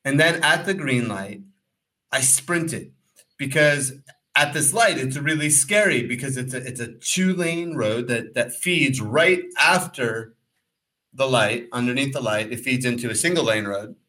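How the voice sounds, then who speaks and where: A man co-hosting a podcast, telling a rambling, animated story in casual talk and acting out the voices in it. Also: mid-range voice, a little slow, poor audio. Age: adult, former pro cyclist. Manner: rambling, animated, acts out quotes. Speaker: podcast co-host.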